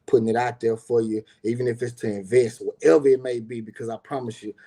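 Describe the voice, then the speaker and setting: This is a casual personal storytelling monologue from a middle-aged business owner who addresses viewers directly, rambling with plenty of slang and swearing. His voice is warm and medium-pitched, with a steady tone and a quick pace.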